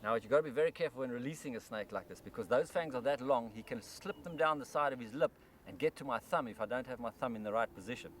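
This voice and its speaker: A man's voice: medium pitch, fast, a little hiss or hum. A man presenting a wildlife documentary outdoors by rice paddies, explaining and exclaiming with enthusiasm.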